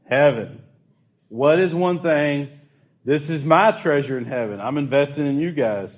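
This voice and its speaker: A man's voice: a little high, expressive, a little slow, muffled recording. A man leading a casual church youth group talk, chatty and asking the group questions.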